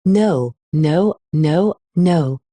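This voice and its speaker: A woman reading a quietly intense young man. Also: low voice, lively intonation, extremely slow, no room sound, exaggerated voice. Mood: menacing calm. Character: intense young man, shifting between menace and remorse.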